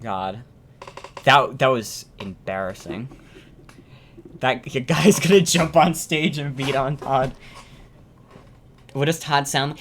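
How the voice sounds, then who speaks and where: Brief: foul-mouthed live streamer, mid-pitched voice, loose rambling rant about video games. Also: slow, long pauses, fairly bright tone, slight background noise. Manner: profane, ranting, repeats themselves. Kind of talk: casual live-stream reaction chat.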